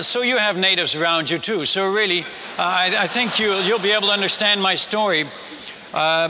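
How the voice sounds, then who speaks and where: A man's voice: high voice, sharp tone. Older Dutch man preaching in a hall. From Netherlands. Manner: folksy, humorous, with many restarts. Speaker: missionary speaker. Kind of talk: storytelling sermon. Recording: long hall reverb with faint noise.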